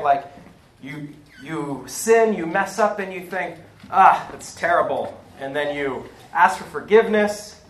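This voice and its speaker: A man's voice: fairly high pitch, a little hiss or hum. Guy preaching a sermon, casual and rambly, keeps saying right?, roomy echo. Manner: conversational, self-correcting, asks "right?" often. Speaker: pastor.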